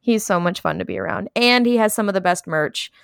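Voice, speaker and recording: A woman's voice: medium pitch, wildly swooping pitch, brisk, smooth, dry recording. A woman co-hosting a podcast, chatting in a giggly, effusive way on a close mic. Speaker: podcast co-host. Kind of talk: casual chat.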